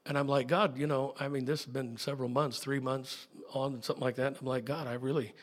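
A middle-aged man preaching a sermon as pastor, emphatic, swinging from soft to loud. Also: medium pitch, little pitch movement, brisk.

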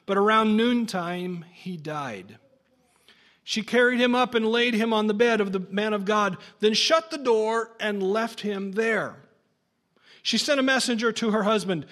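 High-pitched guy preaching, reads scripture, cracks little jokes in between. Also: measured pace, a bit bright. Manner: casual, jokey asides between dramatic reading. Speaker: pastor. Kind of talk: sermon with scripture reading.

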